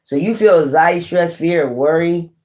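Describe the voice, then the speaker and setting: A man giving a casual tarot reading, blunt and profane, with animated swings in delivery. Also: fairly high pitch, moderate pace. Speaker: tarot reader.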